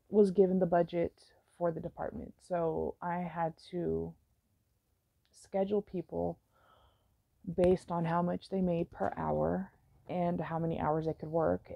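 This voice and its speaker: Low gravelly woman, frank and rambling. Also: mellow, dry recording. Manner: frank and meandering, with many fillers. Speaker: vlogger telling her own story. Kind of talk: candid personal storytime.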